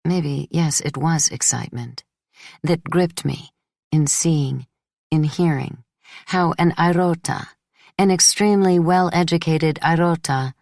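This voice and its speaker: A woman narrating a novel in the first person in a measured, introspective way. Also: deep voice, creaky, a little mellow, no room sound, clean studio sound. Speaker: audiobook narrator.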